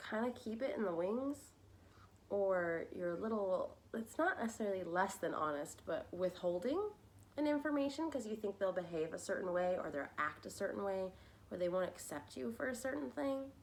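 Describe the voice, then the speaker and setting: A young adult woman hosting a podcast, telling a personal story in a frank, rambling, chatty way. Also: medium pitch. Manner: chatty, rambling, frank, with tangents and quick laughs. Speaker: podcast host. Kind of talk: casual personal storytelling monologue.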